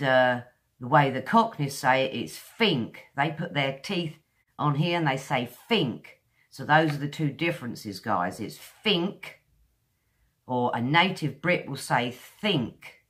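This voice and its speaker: A woman from England with a modern English accent, teaching pronunciation in a chatty video lesson and slowly repeating sounds to demonstrate them. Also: rumbling low, a bit bright. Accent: modern southern English.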